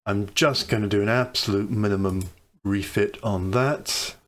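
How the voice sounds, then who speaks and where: A man's voice: lowish voice, fairly even intonation, a little slow, fairly bright tone. A man giving casual commentary on a strategy game he is playing, thinking aloud over each choice with dry, wry asides. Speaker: let's play commentator.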